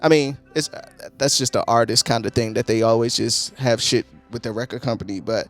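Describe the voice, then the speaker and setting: A man casually reviewing an album, profane and quick to laugh, with excitable bursts. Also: mid-range voice, soft background music. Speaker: album reviewer, channel host. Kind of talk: casual music review talk.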